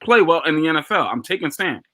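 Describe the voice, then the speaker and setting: A man's voice: fairly high pitch, lively intonation, quick pace, bright, forceful tone, dry recording. A man co-hosting a casual sports podcast, talking in a loose, slangy way and repeating himself as he argues. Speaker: podcast co-host.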